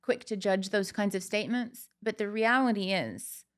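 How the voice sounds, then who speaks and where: A woman hosting an interview, gentle and sympathetic, with many affirming murmurs. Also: mid-range voice, normal speed. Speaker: podcast host.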